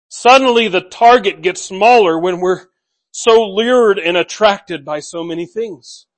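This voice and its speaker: High-voiced man preaching a sermon. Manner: earnest, conversational preaching with repeated emphatic words. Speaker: pastor.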